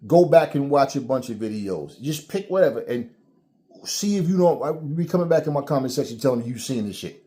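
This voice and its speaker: A middle-aged man holds forth in a loose vlog rant, swearing freely and slipping into mock quotes of other people. His voice sits at an ordinary pitch for a man, and the talk runs as casual storytelling aimed at his viewers. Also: lively intonation, fairly quick, dark tone. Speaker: channel host.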